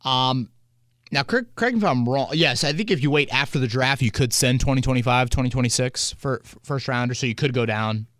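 A man's voice: mid-range voice, fairly quick, fairly bright tone, no room sound. A man hosting a sports podcast in a casual, rambling way, spinning hypotheticals. He is recorded on a close, dry mic. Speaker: podcast host.

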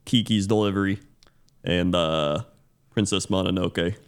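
A man's voice: low-pitched, a little slow, clean tone. A man co-hosting a podcast in casual chat, laid-back and rambling, laughing often. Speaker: podcast co-host.

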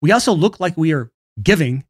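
A man's voice: fairly high pitch, animated, a little fast, no echo, clean studio sound. A man hosting his own podcast alone, talking casually and laughing briefly between points. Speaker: podcast host. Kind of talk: solo podcast monologue on marketing.

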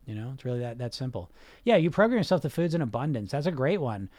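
A man's voice: medium pitch, sing-song, fast, a little mellow, dry recording, clean studio sound. A man coaching a group on weight loss, blunt and emphatic, sometimes swearing, who keeps asking rhetorical questions.

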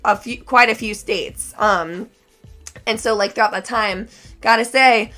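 Hoarse young woman, bright voice. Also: fairly high pitch, measured pace, faint music behind. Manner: chatty, tired but energetic. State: losing her voice, hoarse. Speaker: podcast co-host. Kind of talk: casual chat.

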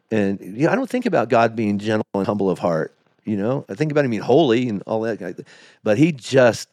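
The clip has no room sound and features a medium-pitched, darkish male voice. He is a middle-aged pastor on a podcast, sharing his story openly and with feeling, faltering whenever the painful moments come up.

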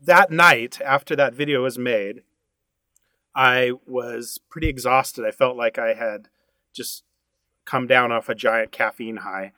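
A man recorded close on a dry mic, telling his part of a story. He speaks in a relaxed, halting way, pausing between thoughts. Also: mid-range voice, dry recording. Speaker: guest. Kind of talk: casual storytelling.

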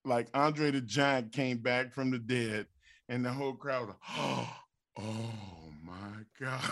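An animated middle-aged man swaps wrestling stories on a podcast, his voice rising and falling as he acts out what people said. He talks loosely and warmly with his co-hosts, often laughing as he goes. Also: mid-range voice. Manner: animated storyteller, acts out quotes with stammers and laughs. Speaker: podcast co-host, former wrestler. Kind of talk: casual storytelling.

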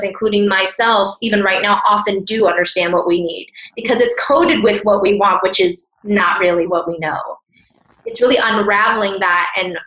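A woman's voice: mid-range voice, a bit bright. Woman guest, earnest and open, talks in a casual, candid way; roomy echo on the voice. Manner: earnest and open, with frequent "like" fillers. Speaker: podcast guest. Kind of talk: candid conversational interview.

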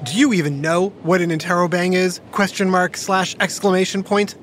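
A woman hosting a playful kids' educational podcast, talking like an animated storyteller. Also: on the low side, moderate pace, a little hiss or hum. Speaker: host.

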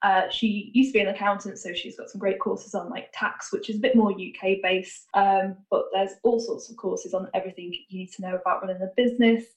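English woman guest on a podcast, chatty, bit of room echo, mid pitch. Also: steady tone, fairly quick, few pauses. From England (Shropshire). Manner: chatty, laughs easily. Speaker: podcast guest, web developer. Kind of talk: casual interview chat. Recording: echoey room.

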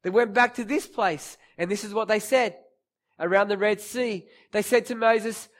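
Brief: male preacher, high voice, storytelling sermon that swells to emphatic peaks. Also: moderate pace. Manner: storytelling with acted-out quotes, rising to emphatic peaks.

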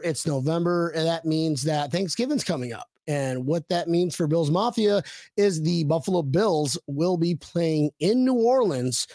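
A man hosting a casual sports fan podcast, excitable and chatty with lots of fillers. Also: fairly high pitch, dry recording, studio quality. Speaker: podcast host.

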